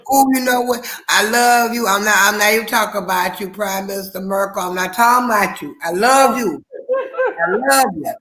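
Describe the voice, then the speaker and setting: A woman's voice: mid-range voice, normal speed, a bit bright. Woman, chatty, rambling, casual video call. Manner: chatty, rambling, laughs easily.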